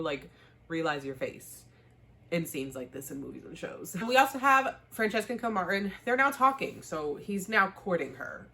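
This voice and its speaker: A young woman hosting a casual TV recap vlog, chatty and animated, with slangy asides. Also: on the low side. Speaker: show host.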